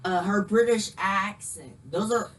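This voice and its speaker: A woman's voice: medium pitch, unhurried, low-quality recording. A woman in a casual movie chat, hesitant, trailing off as she searches for words.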